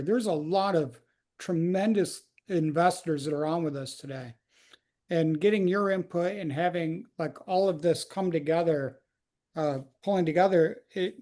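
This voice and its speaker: A man's voice: fairly high pitch, dark tone. Male host, casual webinar chat, rambling and friendly-paced. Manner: loose, chatty, lots of likes and ums.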